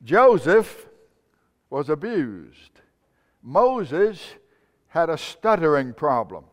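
A man preaching a sermon, stressing each name with a rise and then dropping to a low, slow finish. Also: big pitch swings. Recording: long hall reverb.

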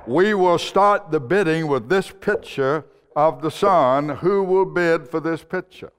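Preacher voicing a formal auctioneer, insistent, smooth, hall reverb. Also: male voice, fairly high pitch, measured pace, lightly acted. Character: persistent male auctioneer.

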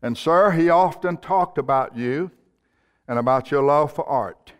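A man's voice: a little high, measured pace, smooth. Earnest male preacher in echoing church. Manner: storytelling, earnest. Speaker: pastor. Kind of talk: sermon. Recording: long hall reverb.

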